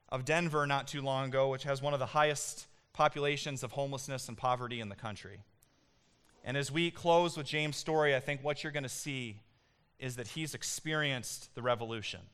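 A man's voice: medium pitch, a bit bright, clean tone. A male pastor preaching a sermon in a church, speaking emphatically and building to impassioned peaks. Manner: emphatic, rising to impassioned peaks when voicing God.

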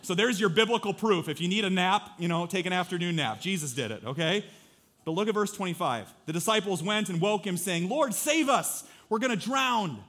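With a high voice and a fairly quick pace, this thirtysomething preacher keeps his sermon animated and chatty. He performs little lines spoken by relatives and listeners.

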